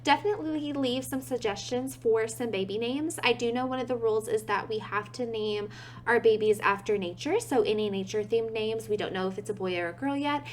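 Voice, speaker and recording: A gaming video creator with a slightly high voice talks briskly, with a bit of hiss or hum in the audio. Chatty and giggly, she gives casual commentary on her gameplay, speaking to both her game characters and her viewers.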